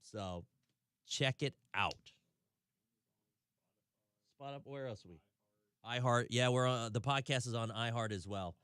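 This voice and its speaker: Speaking at a measured pace with long pauses, this Southern-accented Tennessean runs a casual radio chat from a studio, laughing easily between loosely told stories. His medium-pitched voice is smooth and a touch bright, captured dry and at studio quality.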